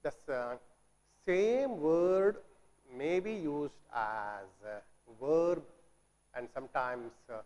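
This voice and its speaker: Male teacher, very slow and deliberate, in a reverberant room. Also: fairly high pitch, lively intonation, a little mellow, muffled recording. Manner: slow, repeats words, asks questions and answers them himself, clears throat. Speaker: English teacher. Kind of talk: classroom grammar lesson. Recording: long reverb, as in a hall.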